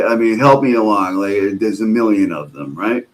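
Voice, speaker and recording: Male streamer host, young adult, low voice that swings a lot, sarcastic and profane. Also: expressive, moderate pace, few pauses. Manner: exasperated, sarcastic, swears a lot. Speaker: streamer host reacting to clips. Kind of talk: profane reaction commentary.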